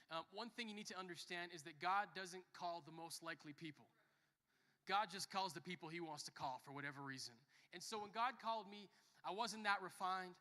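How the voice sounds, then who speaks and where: Young guy pastor giving a sermon, super bright sharp voice, lots of hall echo. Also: sits high. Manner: lively, joking storyteller who shifts between soft and loud. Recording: long reverb of a church hall.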